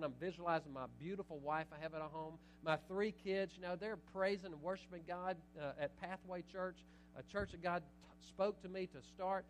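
A middle-aged pastor preaching a sermon, animated, moving between loud urging and quiet asides. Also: male voice, high-pitched, moderate pace, a little hiss or hum, rough recording.

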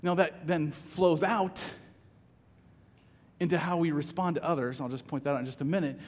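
A man's voice: a little high, fairly even intonation, normal speed, long reverb tail. A man preaching a sermon as pastor, conversational, often repeating words as he starts a phrase.

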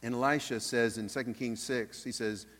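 A man preaching a sermon as pastor, earnest, dropping soft and then rising loud. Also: mid-range voice, fairly even intonation, moderate pace. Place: church sanctuary. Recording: long hall reverb.

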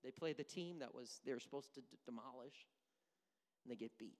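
A pastor delivering a sermon, shifting between hushed near-whispers and loud, emphatic bursts. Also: mid-range voice, brisk, long reverb tail.

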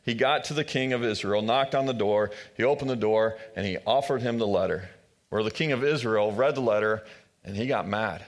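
A man's voice: fairly low pitch, fairly quick. A man preaching a sermon, retelling a story casually with modern sports asides and thinking aloud. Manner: thinking aloud, frank about not knowing.

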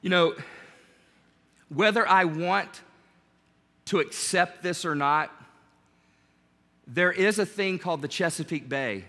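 Bright-voiced man preaching in a reverberant hall. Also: high-pitched, takes it slowly, pauses often. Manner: animated, conversational, jokes with the congregation. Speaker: pastor. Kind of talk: sermon.

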